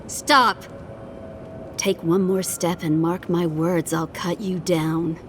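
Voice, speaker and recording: A woman's voice: on the low side, steady tone, takes it slowly, fairly bright tone, slight background noise. An actress playing a fierce, hostile woman trapper in a game, curt and threatening. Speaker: game character. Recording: game audio over music.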